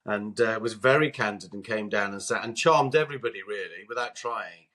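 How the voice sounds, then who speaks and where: A man in a podcast conversation telling a long anecdote, animated and acting out the lines of the people in it. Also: lowish voice, fairly quick. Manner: animated, acts out quotes. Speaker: podcast co-host and guest. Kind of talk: anecdotal storytelling.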